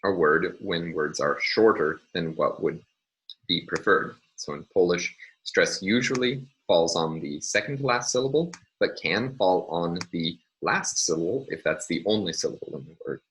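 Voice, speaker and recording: A man's voice: sits low, moderate pace, fairly bright tone, slight background noise, poor audio. A man giving a recorded university phonology lecture, explaining step by step with frequent ums and uhs.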